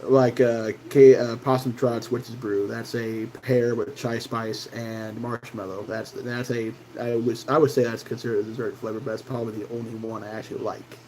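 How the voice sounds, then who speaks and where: A man's voice: medium pitch, level tone, moderate pace, few pauses, warm tone, a little hiss or hum, low-quality recording. A man hosting his own channel, telling a personal story in a loose, casual way, full of fillers and restarts. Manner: rambling, many fillers and restarts. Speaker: channel host.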